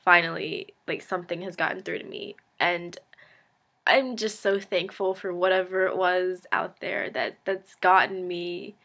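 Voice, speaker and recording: With vocal fry in her lowish voice, she speaks unhurriedly in a steady, bright, forceful tone. She is a teenage vlogger giving a casual confessional monologue to camera, rambling, self-deprecating, heavy on "like," and quick with frank sarcasm.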